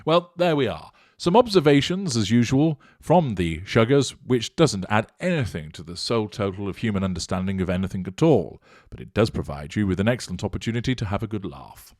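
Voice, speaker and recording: A man with a British accent, hosting a channel and answering viewer comments in a mocking, deliberate way. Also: low-pitched, expressive, a little mellow, dry recording, clean studio sound. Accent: British English. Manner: sardonic, mocking, deliberate and measured.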